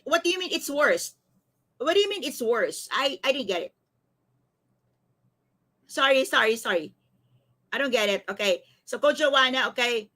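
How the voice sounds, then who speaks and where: A woman's voice: high-pitched, pushed and bright. A middle-aged woman, a life coach telling a story on a livestream, quizzing viewers and reading their comments aloud. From Philippines. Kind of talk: live-streamed motivational talk.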